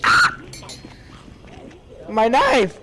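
Guy playing a game, slow drawl but swings high and low, noisy game sounds behind. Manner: excitable, yelps and laughs at scares. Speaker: gamer. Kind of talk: let's play commentary.

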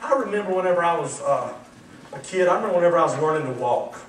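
A male pastor preaching a sermon in an animated, emphatic, folksy storytelling manner. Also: fairly high pitch, fast. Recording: echoey hall, distant mic, faint noise.

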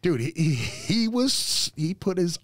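A man hosting a podcast, chatting casually and telling animated stories full of swearing. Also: sits high, takes it slowly, no echo, studio quality. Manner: animated, profane storytelling. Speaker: podcast host. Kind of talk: casual chat.

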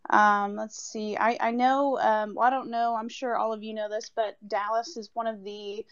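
Woman broker in a casual audio chat, higher smooth voice, hesitant, dull lo-fi sound. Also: little pitch movement, moderate pace. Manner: hesitant, filler-heavy. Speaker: real estate broker.

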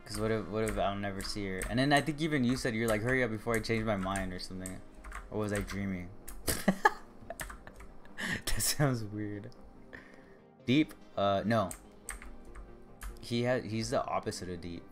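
A man's voice: fairly low pitch, moderate pace, long pauses, soft background music. A man chatting casually with his viewers on a livestream, rambling and joking and talking straight to them. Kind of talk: casual live-stream chat.

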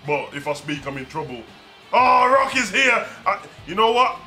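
A young man hosting a wrestling reaction, talking casually and shouting with delight. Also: sits high, very animated, normal speed, soft background music. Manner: exclamatory, fan-like, shouts in delight. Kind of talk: excited reaction commentary.

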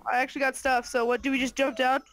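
A man playing a game with a friend, chatting casually in quick play-by-play. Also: very high voice, level tone, a crowd in the background, low-quality recording. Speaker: co-player. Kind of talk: casual gaming chat.

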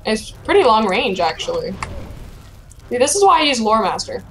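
A woman's voice: fairly high pitch, sing-song, normal speed, slight background noise. A young woman hosting casual gameplay chat, chatty and helpful as she guides a friend and playfully reads game lines aloud. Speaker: gameplay host guiding a friend.

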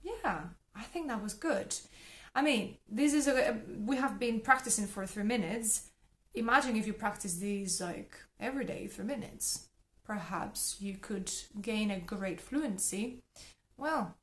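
A woman teaching English pronunciation, leading repeat-after-me drills in a careful, encouraging way. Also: mid-range voice.

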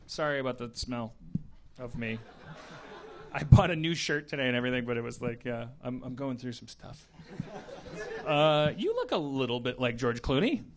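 A man's voice: medium pitch, very animated, moderate pace, pauses often, a faint crowd. A man hosting a live comedy podcast, rambling and joking with frequent stammered restarts. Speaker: podcast host. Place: live theater stage.

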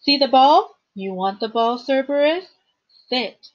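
A brave, bossy teenage girl, voiced by a woman reading a storybook aloud, husky and firm, giving orders as if training a dog. The lo-fi recording softens her a little. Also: fairly high pitch, very animated, measured pace, voice pushed up, full character voice. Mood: commanding.

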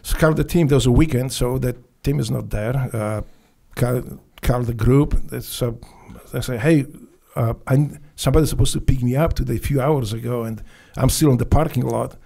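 A man with a Polish accent, speaking as a podcast guest and telling animated, profane stories in English that is not his first language. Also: mid-range voice, normal speed, creaky. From Poland. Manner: profane, animated storytelling with non-native grammar. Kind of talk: casual storytelling.

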